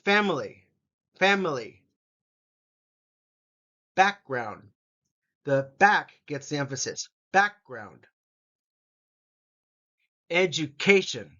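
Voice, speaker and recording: A man teaching English vocabulary, saying each word slowly and repeating it for learners to copy. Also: a little high, animated, sharp tone, muffled recording. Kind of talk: vocabulary pronunciation lesson.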